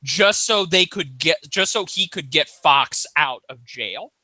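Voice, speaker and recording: A man co-hosting a podcast in casual chat, animated and jokey, often trailing off mid-thought. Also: a little high, unhurried, no echo. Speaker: podcast co-host.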